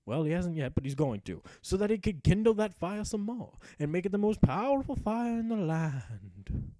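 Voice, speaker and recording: A man's voice: high-pitched, very animated, brisk, mellow, no echo, low-quality recording. A young man narrating his own gameplay as a mock-epic tale, sarcastic and full of swearing. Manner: profane, sarcastic storyteller voicing his character. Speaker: gameplay commentator.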